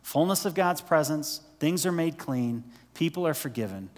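A man's voice: fairly high pitch, expressive, moderate pace. Man preaching in a reverberant sanctuary. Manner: conversational preaching, asks listeners questions, drops to near-whisper for emphasis. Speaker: pastor. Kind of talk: sermon.

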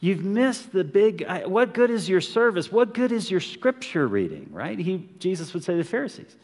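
A man's voice: high-pitched, sing-song, moderate pace, hardly any pauses, darkish tone. A man preaching a conversational, earnest sermon as a pastor, often asking the congregation rhetorical questions. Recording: long hall reverb.

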